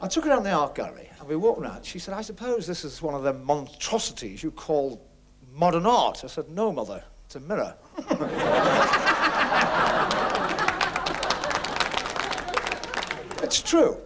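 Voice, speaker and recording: A man doing stand-up comedy on a 1970s TV stage, telling quick jokes with punchlines. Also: big pitch swings, a crowd in the background, noisy background. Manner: brisk punchline delivery with big pitch swings. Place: TV studio stage with audience.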